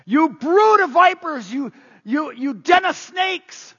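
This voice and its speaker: A man voicing a furious male prophet who thunders rebukes at hypocrites, stretching his shouted words. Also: very high-pitched, animated, slow pace, voice pushed up, full character voice. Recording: muffled, long hall reverb.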